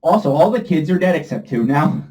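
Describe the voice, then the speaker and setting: A man's voice: on the high side, expressive, fairly quick, darkish tone, low-quality recording. A man co-hosting a podcast, relaxedly walking through a film's plot scene by scene. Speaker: podcast co-host. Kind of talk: casual film review, plot recap.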